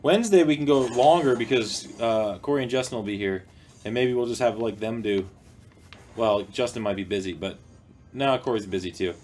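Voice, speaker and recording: An American man with a mid-range, slightly mellow voice hosts a casual livestream chat at normal speed from an indoor studio room, with a bit of background noise. Playful and rambling, he reads the chat out loud.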